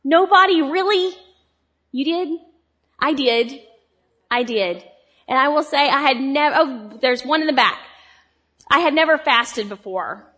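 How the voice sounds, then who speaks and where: A woman preaching a sermon in a chatty, animated way, asking her congregation questions. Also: high voice, measured pace, pauses often. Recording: long hall reverb.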